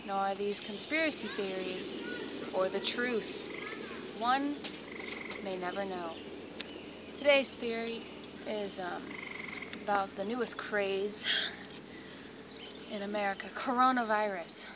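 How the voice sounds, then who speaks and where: Slow, deliberate female news anchor , as a woman puts her on, mock broadcast over a noisy outdoor recording. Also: mid-range voice, recorded from a distance, natural voice. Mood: mock-serious.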